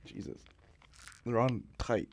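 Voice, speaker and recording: A man's voice: mid-range voice, lively intonation, slow pace, a little mellow. A man hosting a podcast chat, dry and teasing, mock-serious. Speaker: podcast host. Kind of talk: casual chat.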